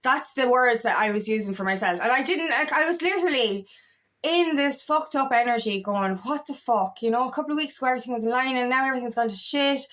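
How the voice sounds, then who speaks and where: Woman coach, high voice, candid vlog monologue, swears freely. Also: quick pace, a bit bright. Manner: frank and profane, tells stories with self-quotes. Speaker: feminine empowerment coach. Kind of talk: casual confessional vlog monologue.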